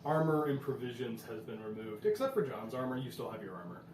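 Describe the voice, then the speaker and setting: A man running a tabletop game as game master, narrating and speaking for characters in a halting, stammering way. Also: mid-range voice, very animated, crowd noise. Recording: roomy, distant mic with background noise.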